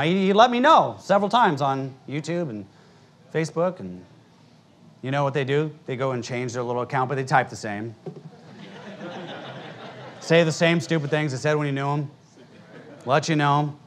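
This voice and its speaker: This American pastor's voice sits on the high side and sounds a bit bright as he preaches in a church sanctuary. Addressing the congregation bluntly and emphatically, he keeps a conversational tone and makes frequent asides.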